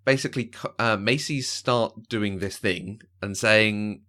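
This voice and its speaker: Brief: podcast co-host, man with a lowish voice, lively, does little voices when retelling scenes. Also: unhurried, few pauses. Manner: animated, often acting out quoted lines. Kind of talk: casual chat about films.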